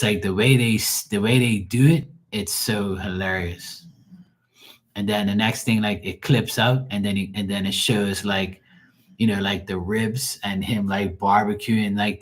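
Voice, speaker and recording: A man spins rambling, profanity-laced stories for a livestream audience, often breaking into laughter. His voice sits on the low side, easy and conversational. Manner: loose, rambling storytelling with heavy slang and profanity. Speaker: streamer doing live tarot reads. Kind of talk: casual livestream chat.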